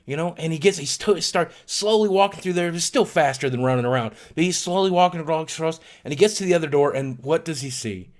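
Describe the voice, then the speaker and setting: Man, comic storyteller, slightly high voice, animated buildup, casual. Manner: animated, drawn-out buildup with sudden voice jumps. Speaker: comedian telling a joke. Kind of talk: comedic storytelling.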